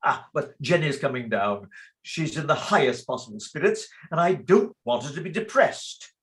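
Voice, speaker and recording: A fussy older father of the bride, blustering and mock-solemn, read by a man in a play reading. He sits a touch high in pitch and fusses over everyone. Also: animated, moderate pace, natural voice. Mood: jovial.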